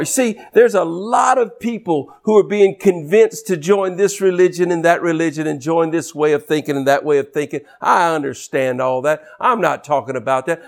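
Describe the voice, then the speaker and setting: Preacher man exhorting his congregation. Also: on the high side. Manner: exhorting, scripture-quoting, calls out to congregation. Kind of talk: sermon.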